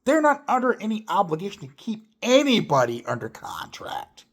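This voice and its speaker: A man ranting to camera about wrestling, swearing freely and sounding exasperated. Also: normal speed. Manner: lively, swooping pitch. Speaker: wrestling commentator. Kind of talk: opinion rant to camera.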